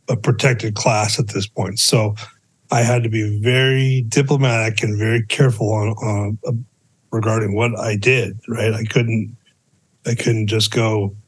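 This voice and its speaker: Low, husky-voiced man telling a story. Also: low-quality recording. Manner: halting, matter-of-fact storytelling with frequent restarts. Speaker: podcast guest. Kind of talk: casual podcast interview.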